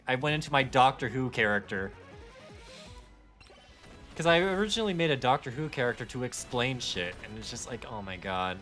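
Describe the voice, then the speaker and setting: A man's voice: mid-range voice, lively intonation, brisk, a bit bright, faint music behind. A man streaming a game live, chatting casually in a rambling, self-deprecating way. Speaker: gaming streamer. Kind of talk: casual live-stream chat while gaming.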